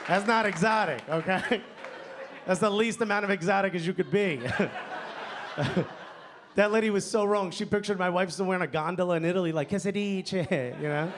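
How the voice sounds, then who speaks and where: A man's voice: high-pitched, fairly quick, fairly bright tone, some chatter behind. A man doing a stand-up set on a club stage into a handheld mic. He talks in a chatty way, tags his lines with "you know?" and "okay?", and laughs along at his own jokes. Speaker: stand-up comedian. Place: comedy club stage before a live audience. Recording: live club recording, audience laughter and noise.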